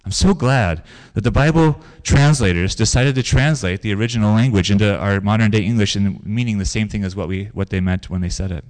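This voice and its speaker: A man's voice: fairly low pitch, brisk, few pauses. A man preaching a sermon in a conversational way, telling stories and repeating phrases for emphasis. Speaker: pastor.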